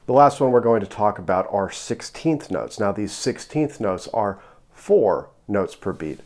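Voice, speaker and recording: A man giving a relaxed guitar lesson, counting beats aloud and explaining picking. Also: fairly low pitch, a little slow. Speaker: guitar teacher.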